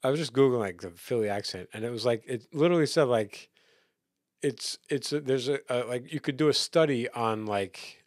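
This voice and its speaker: A man in a relaxed podcast conversation, his voice sitting at an ordinary middle pitch. He talks loosely and rambles, leaning on fillers like "like" and "um" and restarting his sentences. The recording is dry and close, with no room sound. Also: moderate pace, dry recording. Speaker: podcast host. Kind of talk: casual chat about music.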